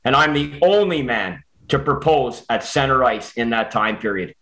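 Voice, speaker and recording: A Canadian man telling a personal story in casual chat, animated and quick with restarts. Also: medium pitch, poor audio.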